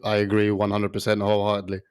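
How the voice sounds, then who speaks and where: A man co-hosting a casual podcast with his brother, excitable and quick to exclaim. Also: lowish voice, clean tone. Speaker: podcast co-host. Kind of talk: casual chat between brothers.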